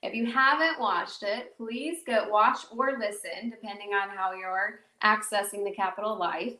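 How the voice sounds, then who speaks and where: A woman hosts her own podcast solo, talking in a casual, rambling, self-mocking way full of fillers. Her medium-pitched voice is unhurried, bright and forceful, but it sits a bit off-mic in an echoey room, picked up from a distance.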